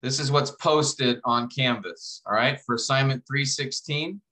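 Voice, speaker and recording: A man lecturing to a class, walking students through an assignment step by step, restarting phrases and slowing down to read verses aloud. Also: mid-range voice, bright, forceful tone, rough recording. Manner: explanatory, repeats and restarts phrases, reads verses slowly. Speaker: instructor.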